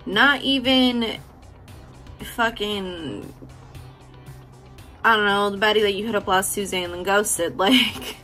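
A woman's voice: medium pitch, takes it slowly, pauses often, pushed and bright, soft background music. A woman giving a frank, profane, affectionate motivational talk to her viewers, laughing often. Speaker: beauty vlogger. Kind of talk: candid motivational talk to camera.

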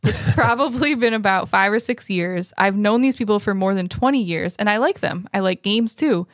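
A woman's voice: medium pitch, normal speed, no echo, studio quality. A woman co-hosting a podcast, easygoing and laughing often, reading a story aloud. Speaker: podcast co-host.

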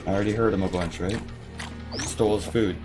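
A man's voice: lowish voice, steady tone, fairly quick. A man casually commenting while he plays a video game, swearing often and laughing at it. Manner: profane, laughing, talks to the game. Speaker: streamer. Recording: game music playing behind.

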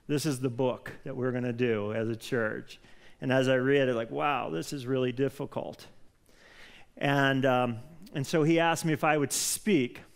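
A man preaching a casual, excitable sermon in a church, often restarting his sentences. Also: a little high, smooth. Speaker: pastor. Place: church sanctuary.

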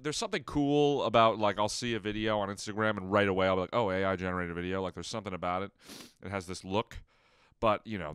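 Rambling young comedian, close dry mic. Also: male voice, deep voice, a bit bright, smooth, dry recording. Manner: rambling, filler-heavy, self-doubting. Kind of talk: casual solo vlog monologue.

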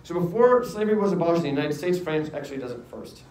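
A male history teacher telling a lively classroom story in casual slang, acting out voices. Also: on the high side, quick pace. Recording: echoey room, distant mic.

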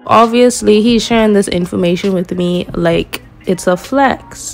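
A young woman from the Bahamas with a Bahamian accent, telling a story casually to her viewers in an animated way. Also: mid-range voice, normal speed, creaky, few pauses. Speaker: vlogger.

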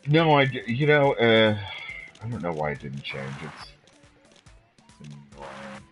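Low-voiced guy streaming a game, slow rambly talk, makes weird noises, music playing faintly behind. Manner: rambling, makes odd noises and sudden excited outbursts. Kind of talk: casual live-stream chatter while playing.

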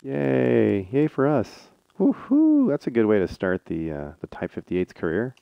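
A man streaming a tank game live, chatting excitably to teammates and viewers. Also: on the low side, moderate pace, vocal fry, narrow, tinny audio. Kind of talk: live gameplay commentary.

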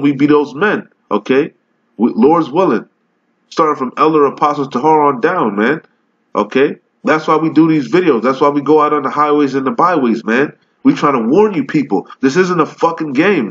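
A man's voice: a little high, animated, a bit bright. Confrontational preacher man, lo-fi sound. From Caribbean islands. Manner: confrontational, profane, warns and scolds listeners; reads verses slowly and deliberately. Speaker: street preacher. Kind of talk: scripture-reading sermon video. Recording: dull lo-fi recording.

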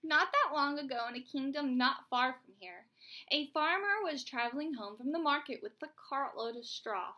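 A young woman, a teacher at home, reading a storybook aloud to her child with animated, chatty asides. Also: high voice, moderate pace, slight background noise.

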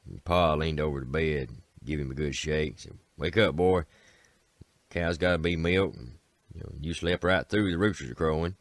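A man's voice: a bass voice, moderate pace, dry recording. A man with an Appalachian accent telling a folk tale in a folksy way, starting lines with "said" and doing the characters' voices. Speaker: storyteller.

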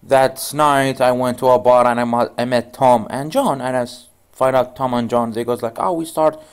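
A man teaches networking in a relaxed, rambling way, stringing his explanation into a story and leaning on "you know" and "goes like." His English has non-native phrasing, and his voice sits at an ordinary middle pitch for a man. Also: normal speed, smooth. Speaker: networking instructor. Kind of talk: casual screen-share tutorial.

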